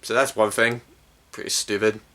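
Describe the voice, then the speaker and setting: A man's voice: fairly low pitch, fairly even intonation, moderate pace, sharp tone. A man ranting through a movie review in an exasperated, rambling way full of fillers. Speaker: film reviewer.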